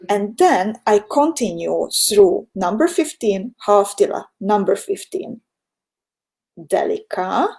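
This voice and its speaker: A woman with a Hungarian accent, a native Hungarian speaker, leads a live beading tutorial at an unhurried pace. Her voice is soft and mellow, not bright. She chats about viewer comments between careful step-by-step instructions. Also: medium pitch. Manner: chatty, reads viewer comments aloud, laughs often. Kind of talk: live-stream craft tutorial.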